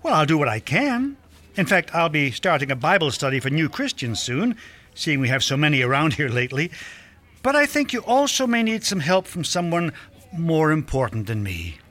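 An actor playing a kindly, patient older male mentor who gives calm, unhurried advice. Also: fairly high pitch. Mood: gentle. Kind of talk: radio drama acting.

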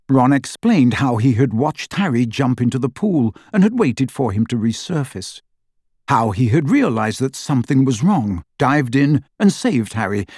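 A man narrating an audiobook in an expressive, varied reading. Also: medium pitch, no echo, studio quality. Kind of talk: scripted narration.

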